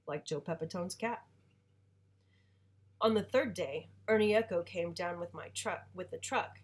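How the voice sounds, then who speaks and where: A woman reads a novel aloud, the way a teacher does for students who missed class. Her voice sits a little low and has a husky grain. She lifts and sharpens the father's lines and drops the mother's to a hush. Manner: reads dialogue with raised voice for the father, quieter for the mother. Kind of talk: read-aloud storytelling.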